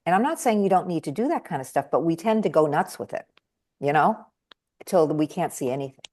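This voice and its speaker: Woman guest, a touch low in pitch, animated storyteller who acts out her quotes. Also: a little fast. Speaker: guest speaker and trainer. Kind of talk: conversational storytelling.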